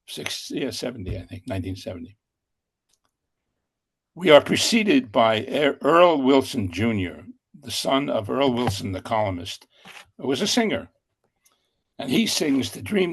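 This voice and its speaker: A man's voice: mid-range voice, breathy edge. An older man telling a long anecdote as an interview guest, rambling with fillers and self-corrections.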